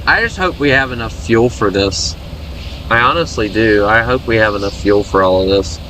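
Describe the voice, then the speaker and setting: A chatty American man talks through a flight sim in loose gameplay commentary. His voice is bright and forceful, with a faint hum of noise behind it. He rambles and jokes as he plays. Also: lowish voice, moderate pace. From United States. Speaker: gaming streamer.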